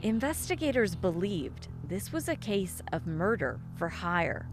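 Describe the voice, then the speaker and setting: A woman giving scripted documentary narration in a steady, even delivery. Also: medium pitch, measured pace. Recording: narration over background music.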